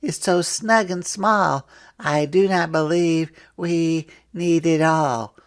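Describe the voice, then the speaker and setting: Man putting on a higher homely wife voice, firm, slow, gravelly edge. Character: practical gardener's wife, homely.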